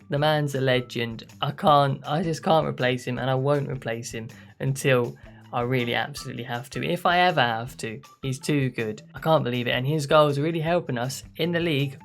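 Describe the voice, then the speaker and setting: Excitable man commentating his own gameplay. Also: a little high. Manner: excitable play-by-play, self-critical outbursts. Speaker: gaming YouTuber. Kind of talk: live commentary over gameplay.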